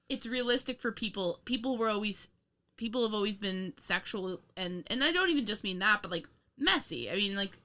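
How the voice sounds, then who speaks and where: A woman's voice: mid-range voice, expressive, normal speed, sharp tone. A young woman co-hosting a casual film review chat, rambling, laughing often and swearing with sarcastic asides. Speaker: podcast co-host.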